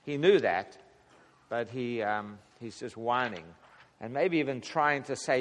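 A man leads a casual Bible study for a small group, speaking at medium pitch and a measured pace. He chuckles often and acts out the prayers he quotes, all under a long hall reverb.

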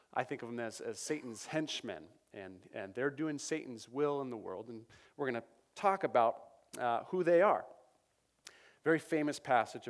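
A man preaching a sermon to his congregation, talking in a conversational, self-correcting and energetic way. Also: medium pitch. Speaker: pastor. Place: church.

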